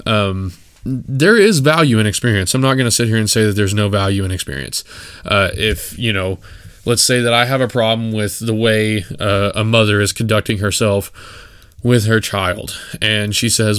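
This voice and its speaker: A man's voice: fairly low pitch, normal speed, fairly bright tone, smooth, dry recording, studio quality. A man from West Texas, hosting a solo podcast, giving his opinions bluntly with many fillers and restarts. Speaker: podcast host. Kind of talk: casual solo podcast monologue.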